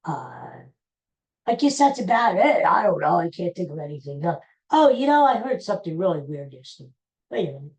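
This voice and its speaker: A woman's voice: fairly low pitch, very animated, a little fast, darkish tone, low-quality recording. A woman hosting a podcast, chatting casually and rambling, often correcting herself and stumbling over names. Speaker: podcast host. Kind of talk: casual solo chat.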